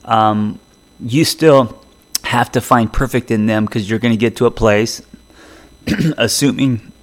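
A man's voice: on the low side, steady tone, unhurried. A middle-aged man hosting a solo podcast as a therapist, talking in a loose, reflective way with many restarts. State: choking up from a drink.

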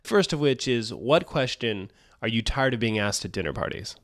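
A man's voice: medium pitch, expressive, normal speed, fairly bright tone, no room sound, studio quality. A man hosting a radio talk show who chats and jokes with his guest. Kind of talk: casual radio interview.

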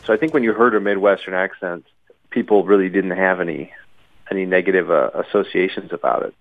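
A man's voice: sits low, fairly quick, creaky. A man being interviewed as an author, talking thoughtfully with frequent restarts and "you know"s. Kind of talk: interview over phone. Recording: tinny phone line.

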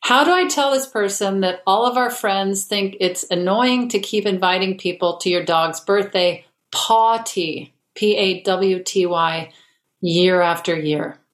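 Deadpan woman hosting over a video call. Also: mid-range voice, a little slow, few pauses. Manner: deadpan, dry. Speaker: podcast host reading listener questions. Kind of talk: casual comedic chat. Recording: roomy home video-call audio.

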